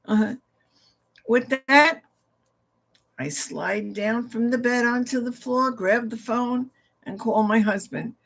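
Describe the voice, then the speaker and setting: A woman's voice: a little high, takes it slowly, gravelly, pauses often. A woman telling a personal ghost story in a casual way, acting out the back-and-forth with "he goes" and "I said.". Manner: acts out dialogue with "he goes, I said" asides.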